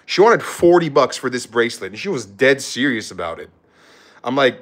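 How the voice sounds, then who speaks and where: A young man tells a rambling travel story from a hotel room, loose and casual, full of fillers and acted-out quotes. His voice sits at a plain middle pitch. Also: very animated, normal speed, a bit bright. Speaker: travel vlogger.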